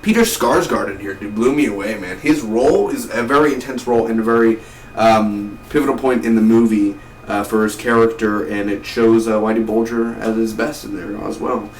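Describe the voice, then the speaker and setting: A man's voice: fairly low pitch, normal speed. Rambling man reviewing a film. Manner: rambling, repeats words, enthusiastic. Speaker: movie reviewer. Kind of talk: casual spoken review. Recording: roomy echo, distant mic, faint noise.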